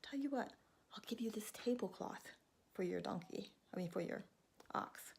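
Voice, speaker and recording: A woman voicing a magic bird that pleads and bargains in a high, urgent voice, with a husky, gravelly edge. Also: animated, moderate pace, a little mellow, exaggerated voice. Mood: pleading.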